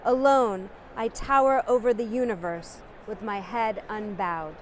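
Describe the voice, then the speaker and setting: A woman's voice: medium pitch, steady tone, unhurried, slight background noise. A woman giving a dramatic, impassioned poetry recitation. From United States. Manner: declamatory and impassioned.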